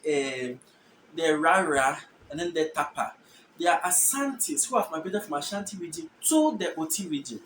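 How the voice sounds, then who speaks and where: A host from Ghana giving an explanatory language lesson, thinking aloud and slowly repeating each word. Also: medium pitch, a bit bright. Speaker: channel host teaching languages. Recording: echoey room with faint background noise.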